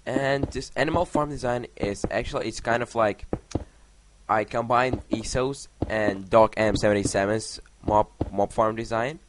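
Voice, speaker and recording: A man's voice: medium pitch, moderate pace. A young man telling a story while playing a game, rambling and swearing often. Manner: rambling, swears a lot, counts blocks under his breath. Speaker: gaming vlogger. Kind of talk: casual storytelling over gameplay. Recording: noisy home mic recording.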